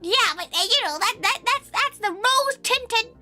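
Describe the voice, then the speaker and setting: A woman's voice: extremely high pitch, lively intonation, normal speed, over loud music. A woman hosting a casual chat stream, giggling often and speaking of herself in the third person. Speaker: vtuber host.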